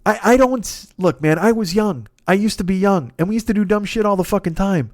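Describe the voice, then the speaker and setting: A man's voice: high-pitched, a little fast, no echo, clean studio sound. A man, telling a long, profane, exasperated story as a comedian and acting out the dialogue. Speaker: comedian host. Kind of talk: solo storytelling podcast.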